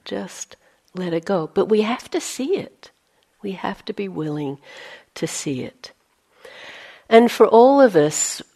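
A woman with a slightly low voice gives a dharma talk as a meditation teacher. She keeps it conversational, with playful self-mocking asides. At times she drops to a near-whisper to voice her inner thoughts. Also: gravelly, darkish tone.

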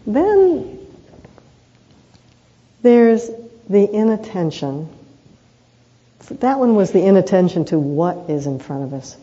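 Woman, meditation teacher, dharma talk, earnest unhurried storytelling, mellow voice, muffled lo-fi sound. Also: fairly low pitch. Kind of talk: reflective dharma talk with personal stories.

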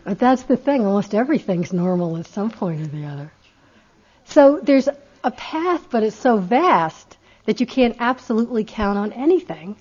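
A woman meditation teacher giving a gentle, reflective dharma talk with soft laughs, on a dull lo-fi recording. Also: fairly high pitch, big pitch swings, moderate pace, husky. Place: retreat center meditation hall.

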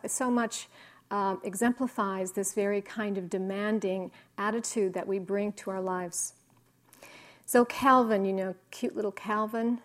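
A woman meditation teacher giving a slow, reflective dharma talk with soft pauses. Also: medium pitch. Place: meditation hall.

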